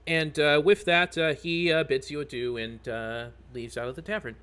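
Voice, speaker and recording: A man's voice: a little high, fairly even intonation, normal speed, sharp tone, clear, resonant tone. A man narrating as game master of a tabletop game, rambling with many fillers.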